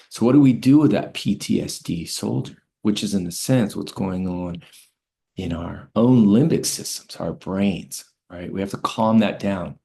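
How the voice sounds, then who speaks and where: Deep, gravelly man guiding slow breathing. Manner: gentle, often checks in with "right?"; slows and softens to a hush while guiding breaths. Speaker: author and health teacher. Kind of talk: spoken lecture with guided breathing.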